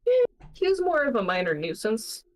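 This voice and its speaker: A woman's voice: fairly high pitch, huge pitch swings, normal speed, poor audio. A young woman streamer playing a tabletop game, bantering in a teasing, casual way. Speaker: player and streamer.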